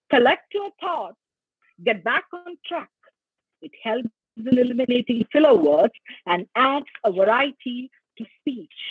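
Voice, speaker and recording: A high, somewhat husky woman's voice, teaching an online session in an instructive, emphatic way. The recording is dull and lo-fi, with a dry, close sound. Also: dry recording. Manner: instructive, emphatic, sings scale examples. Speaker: lecturer. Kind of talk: online lecture on public speaking. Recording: dull lo-fi audio.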